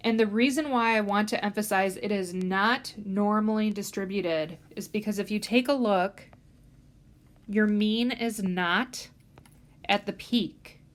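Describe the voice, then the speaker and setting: A woman's voice: medium pitch, a little slow. A woman instructor giving a recorded statistics lecture, explaining step by step with frequent "um" fillers and stressing key words.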